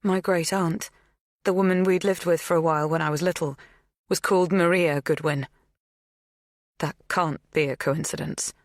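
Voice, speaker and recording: A woman narrating an audiobook thriller in a measured, even scripted delivery. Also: on the low side, no room sound, clean studio sound.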